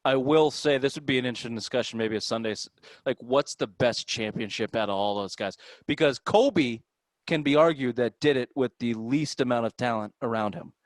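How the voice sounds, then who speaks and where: A man with a Boston accent hosting a casual sports podcast, animated and profane, his voice jumping up when he gets worked up. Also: medium pitch, a little fast, no room sound.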